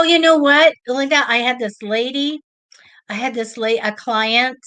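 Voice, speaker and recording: Chatty middle-aged woman storyteller. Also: a little high. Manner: chatty storyteller, lively and excitable, acts out quoted voices. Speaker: psychic reader and show host. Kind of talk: casual live-stream chat.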